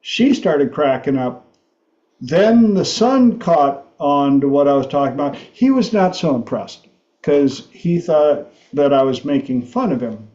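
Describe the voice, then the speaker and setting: Slow, laughing male storyteller. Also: on the high side, animated, warm tone, reverberant, dull audio. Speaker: host. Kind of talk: storytelling talk show.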